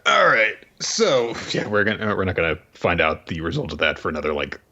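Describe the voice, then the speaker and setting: A man with a very deep voice and a bright edge chatting as a podcast co-host, and his pitch swings widely. He sums things up loosely with plenty of ums and asides. The recording sounds dull and lo-fi. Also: big pitch swings, brisk. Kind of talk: casual chat, summarizing the story. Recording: dull lo-fi mic.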